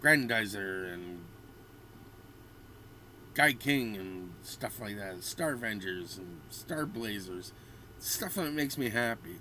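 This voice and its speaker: A man's voice: on the low side, lively intonation, takes it slowly, pauses often, pushed and bright, slight background noise. A man in his fifties ranting bluntly and ramblingly as a vlogger. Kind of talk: ranting commentary.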